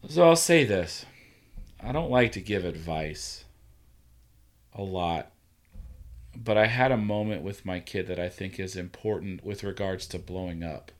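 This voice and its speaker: A man hosting a relaxed conversation, telling a story with energy. He acts out what each person said and swears freely as he goes. His voice sits fairly low. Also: unhurried, long pauses. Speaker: podcast host. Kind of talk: casual conversation.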